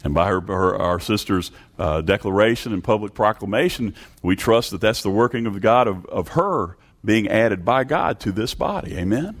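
A man's voice: fairly low pitch, moderate pace, hardly any pauses. A man preaching a sermon, reading scripture aloud and repeating words as he searches for his phrasing. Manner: preaching with rising emphatic bursts and scripture readings. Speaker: pastor.

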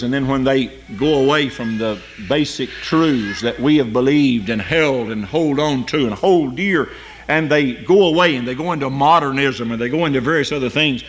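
A man preaching a sermon as pastor, building to loud emphatic peaks and then dropping to quiet asides. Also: medium pitch, a little hiss or hum.

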